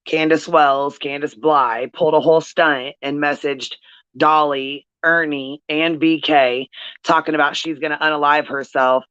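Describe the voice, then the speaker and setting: Angry ranting man, smooth voice. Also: fairly high pitch, steady tone, a little slow, sharp tone, no room sound. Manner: angry, profane, repetitive. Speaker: commentary channel host. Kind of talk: angry rant vlog. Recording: dull lo-fi audio.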